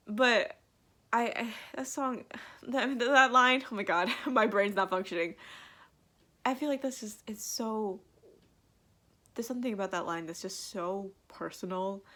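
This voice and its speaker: A woman's voice: medium pitch, fairly bright tone. Young woman vlogger, gushing reaction talk, emotional and teary, laughs through it. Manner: gushing, filler-heavy, emotional, breaks into laughs. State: teary, on the edge of crying. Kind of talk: casual live reaction.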